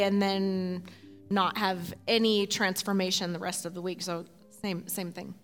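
A woman's voice: medium pitch, steady tone, fairly bright tone, faint music behind. A woman pastor exhorting a congregation during communion, emphatic and urging. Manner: emphatic, urging, fast bursts.

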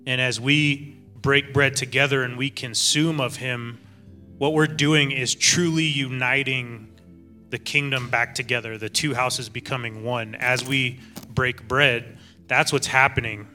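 Male pastor, clear bright tone, relaxed teaching sermon over soft music, keeps asking "right?". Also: mid-range voice, a little slow. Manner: reflective, repeats phrases, checks in with "right?". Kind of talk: informal sermon at a church dinner gathering.

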